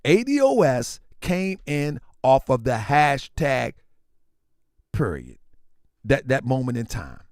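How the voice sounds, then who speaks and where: A man's voice: fairly high pitch, no echo, studio quality. A man hosting an opinion commentary show, speaking emphatically and repeating his points, calling his listeners family. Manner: emphatic and repetitive, addressing viewers as family. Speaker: commentary channel host.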